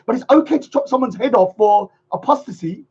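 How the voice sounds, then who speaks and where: This host's very high voice is husky and darkish in tone, brisk, with lively intonation. On his livestream he rants casually, sarcastically mocking and repeating phrases in a sing-song, all in dull lo-fi sound.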